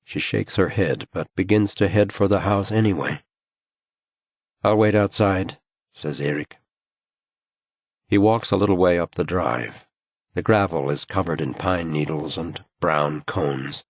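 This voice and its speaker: A man narrating a thriller audiobook in a slow, measured reading. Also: low-pitched, slightly rough, dry recording. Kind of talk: scripted narration.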